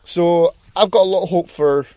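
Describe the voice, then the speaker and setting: A man's voice: high-pitched, normal speed, dark tone, dry recording. A man co-hosting a casual film podcast, ranting about movie news with plenty of swearing. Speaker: podcast co-host.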